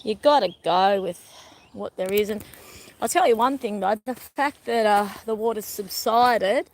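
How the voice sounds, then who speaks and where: A middle-aged woman with a medium-pitched voice vlogs casually while walking her dogs outdoors by water, speaking a little slowly. She chats to viewers and now and then turns to talk to the dogs, with birds and dogs audible in a rough recording.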